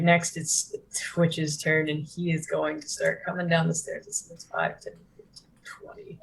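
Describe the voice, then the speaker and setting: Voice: medium pitch, poor audio. Rambling game master narrating. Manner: rambling, many fillers like "like". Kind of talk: narrating a tabletop game over voice chat.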